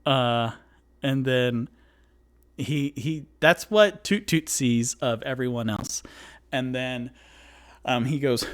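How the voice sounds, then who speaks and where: A man's voice: medium pitch, slow pace, pauses often, clear, resonant tone. A man narrating a solo tabletop game as game master, rambling and hesitant with many fillers.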